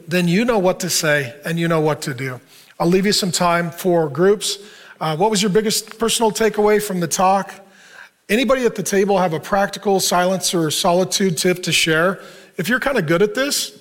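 Earnest storytelling male pastor. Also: high voice. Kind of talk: sermon to a men's group.

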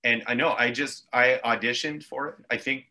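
A man's voice: mid-range voice, fairly even intonation, normal speed, sharp tone. A man from Montreal telling long, tangential stories in casual chat, swearing freely as he goes. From Montreal, Canada. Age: adult with three children. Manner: rambling, tangential storytelling with frequent swearing. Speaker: podcast guest, actor.

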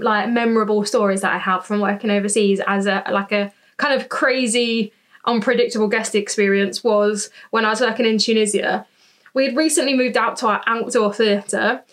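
A woman co-hosting a casual podcast, reacting to stories and then telling her own from working abroad. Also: medium pitch. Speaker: podcast co-host, former holiday rep. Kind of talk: casual chat.

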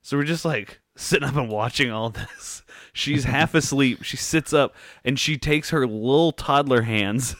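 A man in casual chat, telling relaxed, profane anecdotes. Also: mid-range voice, a little slow, no echo. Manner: laid-back storyteller, swears freely.

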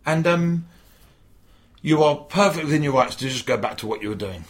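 A man's voice: on the high side, lively intonation, fairly quick. A man, a stand-up comedian, talking through his craft in an interview over a video call, emphatic and storytelling, acting out quotes. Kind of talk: animated interview chat. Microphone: video call mic.

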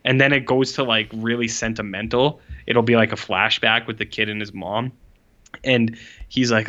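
Bright-voiced rambling young man. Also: medium pitch, steady tone, normal speed, dull audio. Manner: rambling, filler-heavy, exasperated. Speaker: podcast co-host. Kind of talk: casual chat.

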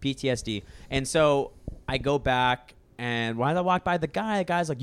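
A man's voice: mid-range voice, moderate pace, smooth, no echo. A young man co-hosting a podcast, telling a story in casual chat and acting out other people's lines.

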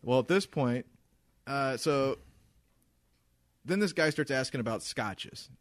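A man in his thirties holds the floor on a casual podcast and tells a long story about annoying customers. He rants and swears freely in a mid-pitched voice. The recording is close and dry, with no room sound. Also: animated, slow, no room sound. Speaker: podcast co-host.

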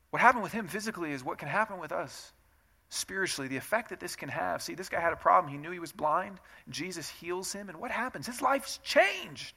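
A man preaching a sermon as a pastor, in a conversational way, acting out prayers and quotes and swinging from hushed to loud and emphatic. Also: sits high, creaky.

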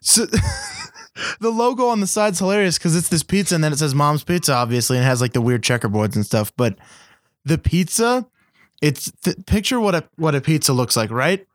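A man's voice: on the high side, wildly swooping pitch, moderate pace, dry recording. A man with a slightly raised voice riffs sarcastically on a cheesy movie, swearing freely. His delivery is casual and conversational. The recording is dry and close. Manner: sarcastic, profane jokes. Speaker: podcast co-host. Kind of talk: casual movie review chat.

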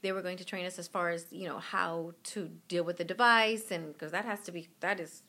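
A middle-aged woman being interviewed, telling a personal story in an animated way and acting out what people said. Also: fairly low pitch, a little fast. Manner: animated, acts out quoted voices. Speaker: guest, mother of a patient.

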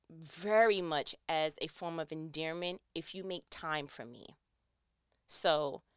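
A young adult woman in casual chat, animated and teary as she tells personal stories and acts out quoted lines. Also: on the low side, clear, resonant tone, dry recording, clean studio sound. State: tearing up.

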